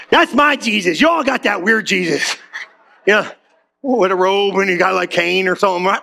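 A man's voice: moderate pace, vocal fry. A man preaching as a pastor, telling a story with slang and acting out every voice in the dialogue. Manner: animated, slangy, acts out dialogue with big pitch jumps. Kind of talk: comedic storytelling sermon.

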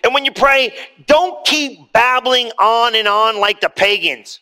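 A man's voice: very high voice, unhurried, few pauses, pushed and bright, smooth. A man preaching a sermon in a plain conversational way, rising into emphatic readings of scripture before a congregation. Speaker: pastor. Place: church hall with congregation.

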